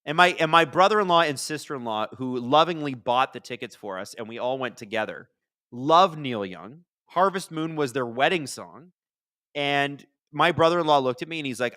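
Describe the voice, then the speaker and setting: A man hosts a live hockey watchalong, rambling through stories and chatting with his viewers, then snapping back to call the plays. His voice is bright and forceful, recorded close and dry with no room sound. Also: mid-range voice, brisk, no room sound. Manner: rambling, chatty, jumps from storytelling to excited play calls. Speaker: livestream watchalong host.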